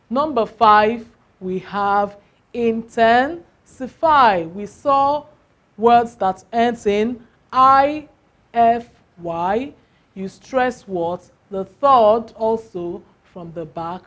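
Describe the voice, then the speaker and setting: A woman's voice: mid-range voice, a bit bright, lo-fi sound. A woman teaching a lesson, asking questions and answering them herself, stretching out example words. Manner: slow, drawn-out emphasis on example words. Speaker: English teacher. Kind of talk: classroom lesson.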